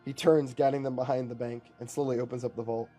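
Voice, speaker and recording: A man's voice: medium pitch, level tone, quick pace, warm tone, soft background music. A man casually improvising a story aloud, rambling with fillers.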